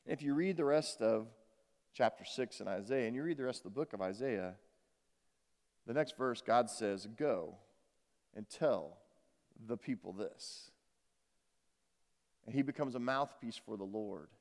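A man preaching a morning sermon in earnest, often restarting his words and swinging between loud emphasis and soft, quiet passages. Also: medium pitch, normal speed. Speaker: pastor. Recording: long reverb of a large hall.

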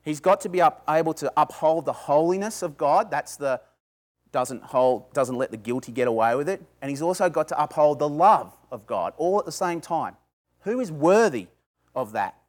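A man's voice: fairly high pitch, animated, moderate pace. A man preaching a sermon to a small group, talking conversationally, asking his listeners questions and building to emphatic bursts. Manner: asks the audience questions. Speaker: pastor.

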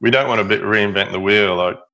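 Halting Australian man, low bright voice. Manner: halting, many fillers and restarts. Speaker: guest, building business owner. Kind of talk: storytelling interview. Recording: dull lo-fi audio.

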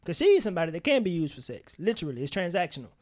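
Guy on a podcast, kinda high voice, animated and emphatic, swears a lot. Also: very fast. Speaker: podcast co-host. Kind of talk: candid casual chat.

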